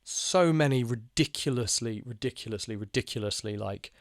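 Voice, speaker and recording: A young man who hosts a channel of personal stories tells one of them in a loose, unscripted monologue, speaking at a normal pace and middle pitch. He rambles, restarts sentences, fills gaps with fillers and swears freely in a frank way. The recording is dry and close, with no room echo.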